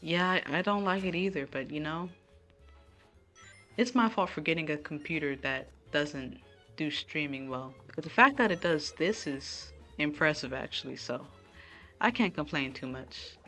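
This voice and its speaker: A woman's voice: sits low, moderate pace, fairly bright tone, faint music behind. A woman streamer playing a game live at home, chatting casually and talking to her viewers as she plays. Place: room at home.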